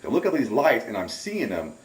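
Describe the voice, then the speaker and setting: A man's voice: medium pitch, huge pitch swings, fast, roomy sound. A middle-aged man telling his own story in an interview, acting out his own alarmed, cursing exclamations. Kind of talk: animated first-person storytelling. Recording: voice picked up from a distance.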